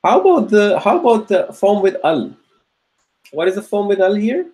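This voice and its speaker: A man's voice: high voice, sing-song, normal speed, a little mellow, poor audio. A man teaching an online grammar class, patiently repeating his questions and praising students by name as they answer. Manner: patient, encouraging drill questioning. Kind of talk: live online class lecture.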